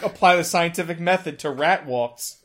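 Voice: mid-range voice, normal speed, a bit bright. Hesitant speaker in a casual chat. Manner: hesitant, trailing sentences.

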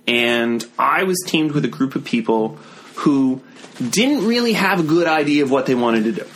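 A man's voice: medium pitch, expressive, normal speed, fairly bright tone, a little hiss or hum. A man guesting on a podcast, telling a story in casual chat with lots of restarts and self-deprecating asides.

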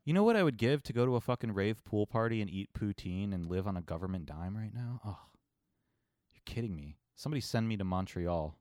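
A man's voice: lowish voice, animated, brisk, a little mellow, no echo, studio quality. A man co-hosting a podcast, talking in a sarcastic, rambling, swearing way. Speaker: podcast co-host. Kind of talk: casual chat.

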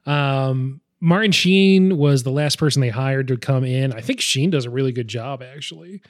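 Male podcast host from New England, casual and chatty, mid pitch, dry sound. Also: moderate pace, dry recording. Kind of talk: casual chat.

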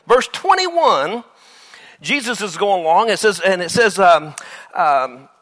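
A male pastor with a high voice preaches a sermon at a slow pace. He's animated, acting out Bible scenes and dialogue with laughter and making asides to the congregation.

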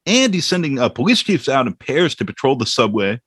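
A man's voice: mid-range voice, very animated, fairly quick, fairly bright tone, breathy edge, no echo. A man hosting a casual discussion, often repeating words as he starts. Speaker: host. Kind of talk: casual conversation.

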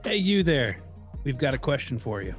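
Upbeat man pitching a podcast. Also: sing-song, normal speed. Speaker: podcast host in an ad. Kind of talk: scripted podcast promo. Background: faint music.

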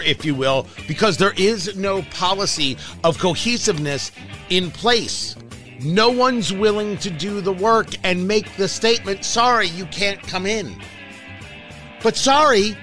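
A man's voice: high-pitched, fairly bright tone. A man hosting a political talk radio show, delivering a combative, sarcastic monologue with emphatic swings.

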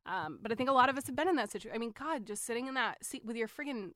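A woman's voice: a little high, lively intonation, very fast, a bit bright, dry recording, clean studio sound. A woman co-hosting a casual TV recap podcast, talking frankly, swearing casually and laughing often. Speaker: podcast co-host.

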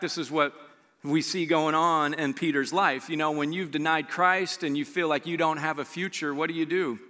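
Bright, animated male preacher in a hall. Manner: animated preacher, voice jumps high for emphasis; acts out quoted dialogue. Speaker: pastor. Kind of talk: sermon. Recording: long hall reverb.

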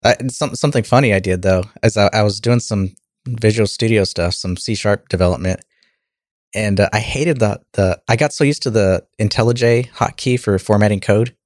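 A man in his forties co-hosting a podcast, talking in a relaxed, halting, self-deprecating way. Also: lowish voice, dry recording, studio quality. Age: 40s. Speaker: podcast co-host. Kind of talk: casual podcast chat.

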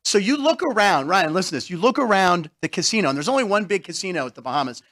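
A man's voice: sits high, animated, quick pace, fairly bright tone. A middle-aged man hosting a talk show, joking, dropping names and egging his guest on to tell stories. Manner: jokey, name-dropping, eggs guests on. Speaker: host. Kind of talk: casual talk show chat.

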